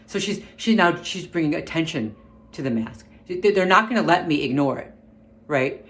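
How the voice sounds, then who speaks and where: A vlogger ranting to the camera in barely held-back anger, stumbling and restarting as they speak while they try to keep their temper. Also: medium pitch. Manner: agitated, restrained anger, repeated restarts. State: upset, on the verge of an outburst. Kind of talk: angry personal rant to camera. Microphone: camera mic.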